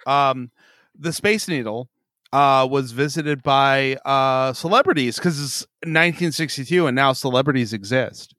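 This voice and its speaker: A man's voice: medium pitch, measured pace, fairly bright tone, dry recording, clean studio sound. A man co-hosting a casual comedy podcast, rambling with lots of fillers and swearing. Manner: rambling, profane, jokey with filler words. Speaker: podcast co-host.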